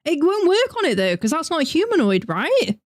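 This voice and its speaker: A woman's voice: high-pitched, brisk. Chatty northern English woman streamer. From north of England. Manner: chatty, animated, reads out chat messages. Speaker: VTuber streamer. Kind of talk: live reaction stream chat.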